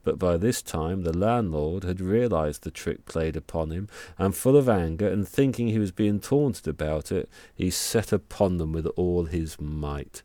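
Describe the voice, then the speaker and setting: A man tells a folk tale at a measured pace. His voice sits low with a dark, mellow timbre. The recording is dry and close. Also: no echo. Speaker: storyteller. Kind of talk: storytelling narration.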